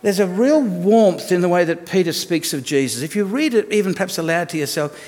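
A man in his fifties preaching a sermon, his fairly high voice carrying a long echo through the church hall. He talks conversationally, asking the listeners rhetorical questions as he goes. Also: lively intonation, fairly quick, darkish tone. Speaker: pastor.

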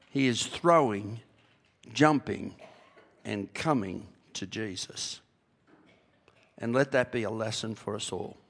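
A man's voice: medium pitch, fairly bright tone. A man preaching a sermon to a congregation in a church, emphatic, with rhetorical questions and repeated key phrases. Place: church sanctuary. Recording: long hall reverb.

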